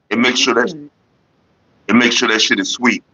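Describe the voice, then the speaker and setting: This male streamer's mid-range voice sounds pushed and bright, with a breathy edge. Relaxed and foul-mouthed, he rambles on while greeting chat viewers through a headset mic, captured in slightly dull lo-fi audio.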